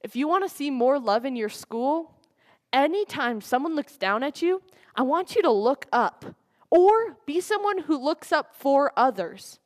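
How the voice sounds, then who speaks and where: A woman delivers a dramatic recited speech with real passion, pushing some lines out with force and dropping others to a hush. Her voice sits a little high for a woman. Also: expressive, unhurried. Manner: impassioned, swinging between forceful and hushed. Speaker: student speaker at a school program.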